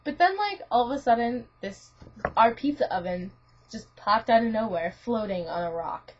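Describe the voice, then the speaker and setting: A woman's voice: a little high, expressive, moderate pace, slight background noise. A young woman telling a friend about a dream in a casual, rambling way, giggling and saying "like" a lot. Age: young adult. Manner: rambling, giggly, full of "like" and restarts. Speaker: student vlogger. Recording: lo-fi webcam audio.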